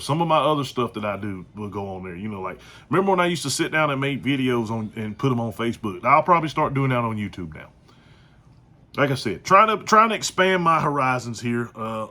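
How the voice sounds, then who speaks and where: A middle-aged man talks alone into his podcast mic, loose and chatty. He repeats himself a lot and jokes around in easy slang. His pitch sits at an ordinary middle level for a man. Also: pushed and bright. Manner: chatty and repetitive, slangy, joking. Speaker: podcast host. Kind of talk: casual solo podcast monologue.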